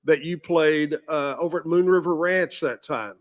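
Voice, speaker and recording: A man's voice: a little high, moderate pace, crowd noise. A man hosting a radio show, chatting casually and laughing often. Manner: chatty, laughs often, reads off music history notes. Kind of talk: casual on-air chat.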